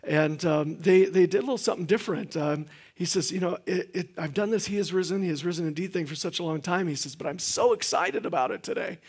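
A man's voice: high-pitched, fast, hardly any pauses, a little mellow, husky. A middle-aged man preaching a sermon in a church, folksy and joking, with lots of fillers and restarts. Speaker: guest pastor. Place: church sanctuary.

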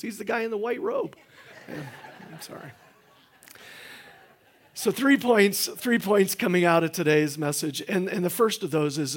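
In the church sanctuary, the guest pastor, a middle-aged man, jokes his way through a folksy sermon, often restarting and using fillers. He has a slightly rough voice on the high side.

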